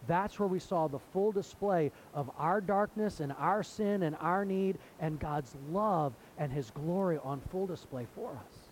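A man's voice: high voice, measured pace, few pauses, a little hiss or hum, rough recording. Earnest man preaching a sermon. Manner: earnest preaching, acts out quoted voices. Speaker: pastor.

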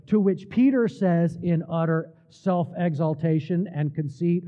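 A man preaching a sermon, slowing down for emphasis and dropping his voice to near quiet at key words. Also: on the high side. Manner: preaching with slow, emphatic pauses and dramatic drops in volume. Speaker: pastor. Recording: tinny phone-like sound.

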